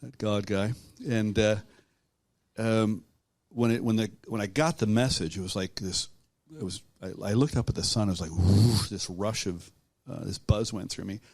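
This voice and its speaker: A man being interviewed about his own life, talking in a halting, reflective way with many restarts. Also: lowish voice, steady tone, darkish tone, no room sound. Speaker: guest author. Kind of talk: conversational storytelling.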